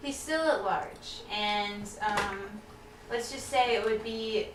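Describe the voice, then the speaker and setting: A woman's voice: medium pitch, takes it slowly. A woman playing a character at a tabletop game, speaking playfully and laughing often. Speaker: player. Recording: echoey room, far from mic, background noise.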